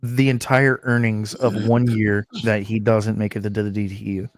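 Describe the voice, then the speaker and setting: A man's voice: fairly low pitch, little pitch movement, normal speed, no room sound. A man co-hosting a casual podcast chat, blunt and emphatic, with plenty of swearing. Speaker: podcast co-host.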